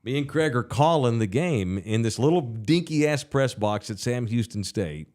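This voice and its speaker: A man's voice: medium pitch, lively intonation, normal speed, a little mellow. A middle-aged man, co-hosting a sports podcast and telling rambling, profane stories. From Texas. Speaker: podcast co-host. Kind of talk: casual sports talk. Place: bar studio.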